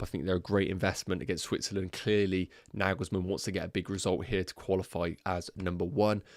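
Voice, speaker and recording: A man's voice: low voice, no echo, clean studio sound. A man hosting a fantasy football livestream, thinking aloud in a chatty way and talking to his viewers as guys. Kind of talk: casual livestream chat.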